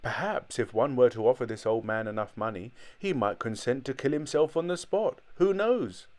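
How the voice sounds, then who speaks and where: A man voicing a cold bystander who speaks quietly and slyly. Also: medium pitch, animated, moderate pace, close to an everyday voice. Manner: quiet, sly.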